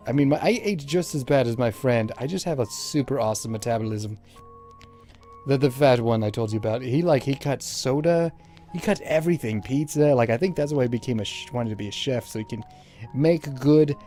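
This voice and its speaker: A man's voice: medium pitch, a little mellow, no room sound. A young man giving rambling, crude running commentary while playing a game, mocking the characters with joking insults. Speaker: gameplay commentator.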